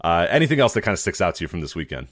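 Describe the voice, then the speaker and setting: A man's voice: sits low, very animated, rapid-fire, fairly bright tone, no room sound, studio quality. A man hosting a podcast in casual chat, loose and agreeable, often restarting his sentences. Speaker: podcast host.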